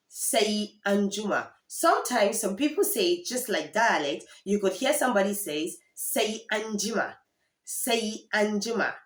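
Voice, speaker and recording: A woman giving a language lesson with a lively, rising and falling voice. She says each phrase slowly and repeats it so learners can follow. The sound has an echoey, roomy quality. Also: medium pitch. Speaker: language teacher.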